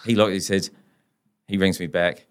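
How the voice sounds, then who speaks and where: A very deep-voiced Australian man spinning blunt, down-to-earth anecdotes. He talks in a casual, colloquial way as a podcast guest. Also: level tone, normal speed, clear, resonant tone. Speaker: company founder, guest. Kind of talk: casual storytelling.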